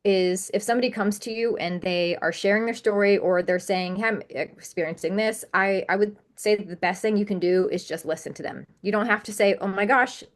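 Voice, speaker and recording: A woman's voice: mid-range voice, steady tone, fairly quick, hardly any pauses. A woman talking as a podcast guest in a candid interview, earnest and emphatic, piling up repetitions.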